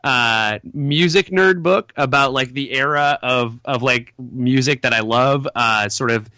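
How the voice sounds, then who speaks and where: A man's voice: mid-range voice, unhurried, bright, forceful tone, no echo. A man hosting a casual podcast, rambling with many fillers and restarts. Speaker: podcast host.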